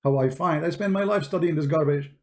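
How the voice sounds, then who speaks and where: A man's voice: on the high side, a little fast, darkish tone. Mocking man. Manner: mocking, boastful, sarcastic. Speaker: debate streamer. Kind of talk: confrontational live debate talk.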